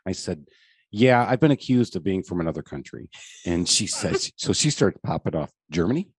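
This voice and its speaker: A middle-aged Michigan man with a low, slightly husky voice. He hosts a podcast in a jokey, storytelling way, swinging his pitch around a lot. The recording is close and dry. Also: big pitch swings, moderate pace, no room sound. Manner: jokey storyteller who acts out quoted voices. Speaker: podcast host. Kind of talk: casual podcast chat.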